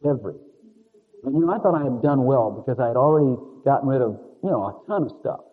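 A man's voice: medium pitch, expressive, fast talker, breathy edge. A man preaching a conversational sermon in a rambling, confessional way with chuckling asides. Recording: narrow phone-like lo-fi sound.

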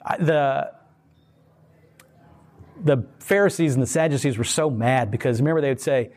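A man giving a casual, rambling faith talk, animated, laughing often and putting on voices for quoted people. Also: mid-range voice, normal speed. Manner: rambling, many fillers and restarts. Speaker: Christian speaker.

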